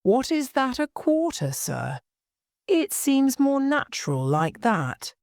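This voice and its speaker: A woman's voice: high voice, very animated, slow pace, a little mellow, no echo, studio quality, voice pushed up, exaggerated voice. A woman putting on a timid young maid with plain working-class speech. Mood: wondering.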